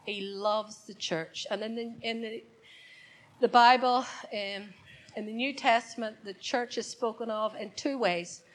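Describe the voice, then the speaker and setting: A woman's voice: fairly high pitch, fairly even intonation, unhurried, rough recording. A woman preaching a sermon to her congregation, speaking off the cuff and repeating key words for emphasis. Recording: church service, congregation present.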